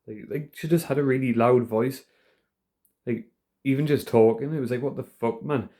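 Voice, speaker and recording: A man's voice: mid-range voice, moderate pace, warm tone. A young man vlogging at home, talking in a rambling, profane, casual monologue. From United Kingdom. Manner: rambling, profane, rough-edged. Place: at home, indoors.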